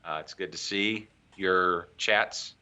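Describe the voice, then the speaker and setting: Bright-voiced rambling man. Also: low-pitched, fairly even intonation, slow, smooth. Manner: rambling, chatty, lots of fillers. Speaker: co-host of a craft beer show. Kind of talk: casual live-stream chat. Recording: lo-fi stream audio.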